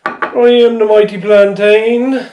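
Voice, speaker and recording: A man's voice: high voice, flat delivery, slow pace, muffled recording, pitched above the performer's own voice. Man doing a jolly leprechaun, put-on Irish. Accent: mock Irish, drifting toward Scottish. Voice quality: playful, hammy put-on lilt. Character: cheerful male leprechaun, joyous and jokey. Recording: echoey room with faint noise.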